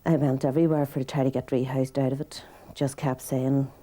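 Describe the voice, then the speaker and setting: A woman's voice: a bass voice, little pitch movement, a little fast, warm tone. A woman with a Belfast accent speaking plainly in a documentary interview, complaining with exasperation. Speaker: resident interviewee.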